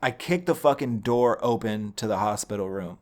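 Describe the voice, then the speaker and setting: A man's voice: on the low side, normal speed, darkish tone. A young man recording himself at home, telling a heated, profane story in a rambling way. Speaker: vlogger. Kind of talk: casual storytelling monologue. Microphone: home recording setup, watching audio levels.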